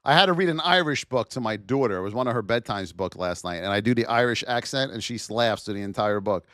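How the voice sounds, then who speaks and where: A middle-aged man hosts a live trading stream, commenting on charts and animatedly shouting out to viewers in the chat. His voice is on the low side, fast, clear and resonant, recorded with clean studio sound and no room echo.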